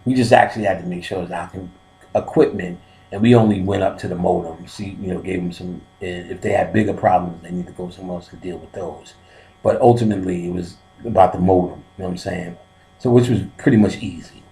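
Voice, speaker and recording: A man's voice: low voice, fairly even intonation, fast talker, warm tone. A man telling stories in casual talk, profane and laughing. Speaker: podcast host telling stories. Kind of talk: casual storytelling. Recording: roomy echoey room.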